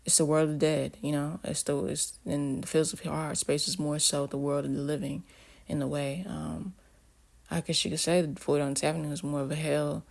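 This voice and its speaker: Rambling, gravelly man talking through his album. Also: fairly high pitch, flat delivery, moderate pace. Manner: rambling, reflective, many fillers and restarts. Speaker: artist discussing his album. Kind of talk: casual spoken commentary.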